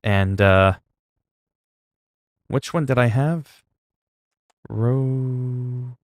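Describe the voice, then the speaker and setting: A man's voice: mid-range voice, extremely slow, no echo, studio quality. A man chatting casually on a livestream at home into a desk mic, rambling and self-mocking with lots of fillers.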